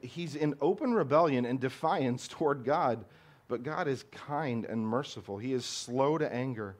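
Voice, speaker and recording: A man's voice: medium pitch, normal speed. A man preaching a sermon as a pastor, earnest and emphatic, posing rhetorical questions to his congregation.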